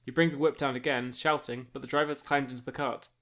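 A man's voice: mid-range voice, fairly even intonation, quick pace, a bit bright. A man narrating a choose-your-own-adventure book to friends as game master. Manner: reads steadily, aside comments with laughter. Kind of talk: casual narration of a gamebook with friends.

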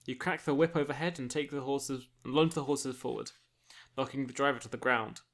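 A man's voice: mid-range voice, steady tone, brisk, fairly bright tone. A man narrating a choose-your-own-adventure book to friends as game master. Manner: reads steadily, aside comments with laughter. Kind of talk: casual narration of a gamebook with friends.

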